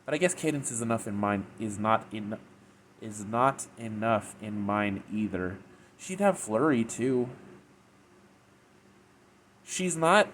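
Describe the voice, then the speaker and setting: Guy w a lowish voice rambling thru a story review, tons of fillers and restarts, slight background hiss. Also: lively intonation, slow pace, pauses often, a bit bright. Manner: rambling, filler-heavy retelling with frequent restarts. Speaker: fanfiction reviewer. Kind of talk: casual spoken review.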